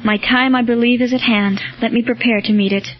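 A man's voice: very high-pitched, fairly even intonation, brisk. A woman reading the part of a resolute, commanding male Christian soldier in a storybook. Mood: reflective. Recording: dull lo-fi with faint music.

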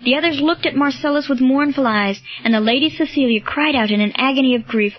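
A woman narrating an audiobook in a steady, clear storytelling manner. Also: sits high, fast, few pauses. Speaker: audiobook reader. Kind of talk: scripted narration. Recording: dull lo-fi, dry.

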